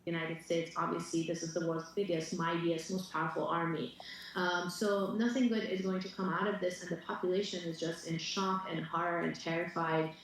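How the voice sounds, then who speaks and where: A woman describing a crisis in a news clip, speaking steadily and gravely. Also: lowish voice, flat delivery, normal speed, a little hiss or hum. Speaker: news interviewee. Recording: very echoey and distant clip.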